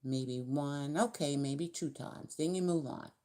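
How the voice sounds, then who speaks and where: A woman's voice: low voice, a little slow, dark tone. A woman giving a casual tarot reading to camera, talking in a chatty, colloquial, rambling way. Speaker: tarot reader.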